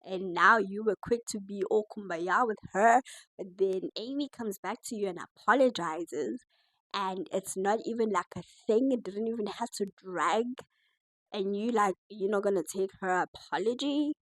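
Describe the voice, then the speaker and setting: A woman giving casual, animated commentary on a reality TV show. She laughs often as she reacts. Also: mid-range voice, normal speed, no room sound, poor audio. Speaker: reality TV reviewer.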